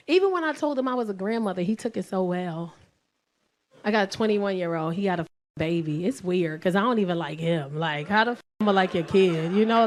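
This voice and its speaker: A woman from the South Bronx with a New York accent, in her forties, performing a stand-up comedy set on a club stage into a handheld mic, brash and swinging into high squeals and shouts.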